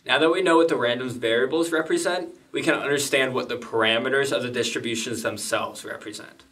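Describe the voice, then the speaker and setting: A man's voice: medium pitch, a little fast, fairly bright tone, distant mic. A man teaching a statistics lesson in a plain, methodical way, with casual asides. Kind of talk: explanatory lesson.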